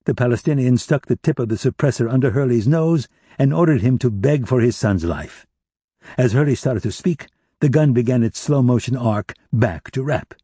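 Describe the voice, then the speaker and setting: A man narrating a thriller audiobook in a steady, measured reading. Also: mid-range voice, breathy edge, no echo, clean studio sound.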